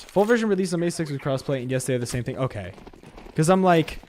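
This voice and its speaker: A man streaming a shooter game, rambling to his viewers between sudden excited outbursts. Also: fairly high pitch, quick pace, slight background noise. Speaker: gaming streamer. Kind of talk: live gameplay commentary chatting to viewers.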